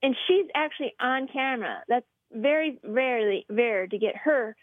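A woman comedian chatting on a radio show, animated and rambling, laughing as she talks. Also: fairly high pitch, normal speed, no room sound, phone-quality sound. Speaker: comedian guest. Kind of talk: casual radio chat.

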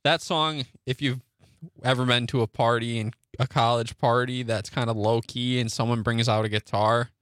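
A young man co-hosting a talk radio show, answering in an easygoing, slightly unsure way. His pitch is in a middle range. He sounds close to a dry studio mic. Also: steady tone, normal speed, fairly bright tone, no echo. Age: young adult. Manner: easygoing, laid-back, slightly hesitant. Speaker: radio co-host. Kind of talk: casual radio chat. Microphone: studio microphone.

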